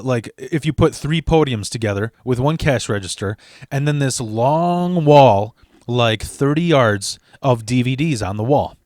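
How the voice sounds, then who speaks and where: Casually narrating something that happened to him, a young man speaks in a mid-range voice, animated and profane, acting out what others said. It's studio quality with no echo.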